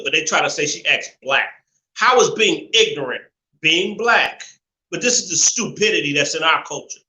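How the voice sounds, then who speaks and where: Man ranting preachily, bright and echoey. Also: a little high. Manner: preachy, repetitive, emphatic, swears freely. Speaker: live show host. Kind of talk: ranting live-stream monologue. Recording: roomy echo.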